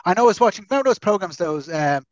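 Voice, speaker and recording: A man's voice: high voice, expressive, rapid-fire, dry recording, dull audio. A man, co-hosting a podcast and ranting chattily, joking as he goes. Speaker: podcast co-host. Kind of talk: casual chat.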